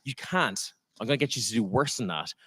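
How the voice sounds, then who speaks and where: A man's voice: mid-range voice, lively intonation, a little fast, a bit bright, slightly rough. An Irish man acting as dungeon master for a live tabletop game podcast on stage in a convention auditorium, playful and laughing with the crowd.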